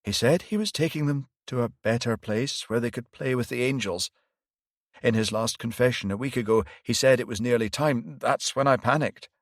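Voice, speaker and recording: A man's voice: mid-range voice, moderate pace, dry recording, clean studio sound, voice pushed up, lightly acted. A man voicing a frightened young male priest who speaks in an anxious, faltering way.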